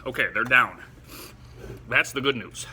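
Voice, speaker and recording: Man, mid-pitched and very bright, casual vlogger, teary and sniffly, short gasping remarks, faint background noise. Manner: halting, breathless exclamations between short remarks. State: eyes watering, nose running, in pain from spice. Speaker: vlogger doing a spicy food challenge. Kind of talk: casual on-camera commentary.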